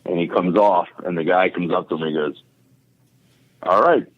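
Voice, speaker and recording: A man's voice: low voice, level tone, quick pace, dry recording. A man, a comedian guest, telling a story in casual, profane chat with lots of fillers, over a tinny phone line. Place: home podcast setup.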